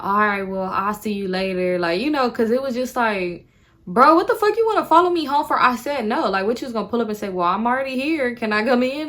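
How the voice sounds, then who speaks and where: A young woman vlogger telling a storytime in a casual, animated, profane way, often calling her viewers y'all. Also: mid-range voice.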